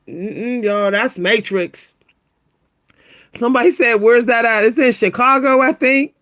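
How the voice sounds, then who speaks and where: A woman hosting a casual livestream, talking to her viewers, laughing often and exclaiming in a high squeal. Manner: animated, keeps exclaiming "what?" in a high squeal; laughs between remarks, talks to viewers as "y'all". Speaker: livestream host reacting to pictures.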